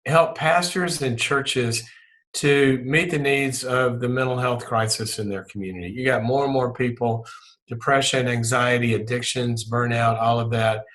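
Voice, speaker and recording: A man with a Southern US accent talks as a guest on an interview podcast, and his pitch sits in the middle range. He speaks in an animated rush that keeps stopping to restart and repeat words. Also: moderate pace. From Mississippi, USA. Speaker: guest psychologist and leadership author. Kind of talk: podcast interview and spoken prayer.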